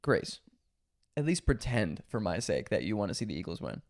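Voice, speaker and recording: Young male co-host, quick teasing banter at speed. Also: lowish voice, big pitch swings, a little mellow, no echo, clean studio sound. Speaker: podcast co-host. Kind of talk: casual podcast chat.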